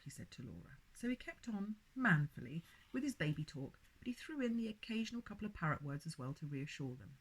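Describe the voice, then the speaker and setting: A woman reading a children's book aloud as a bedtime story, expressive and soft. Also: sits low, normal speed, breathy edge.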